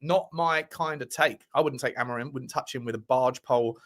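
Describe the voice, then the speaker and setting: A man's voice: mid-range voice, fairly quick, fairly bright tone. A man hosting a casual live football stream, bantering and repeating his phrases with some swearing. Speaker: football podcast host.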